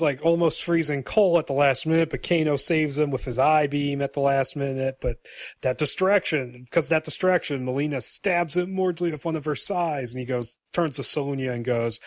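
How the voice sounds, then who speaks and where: A man's voice: medium pitch, fairly even intonation, normal speed, dry recording. A man co-hosting a podcast, casually and animatedly retelling a movie script and acting out its lines. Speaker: podcast co-host.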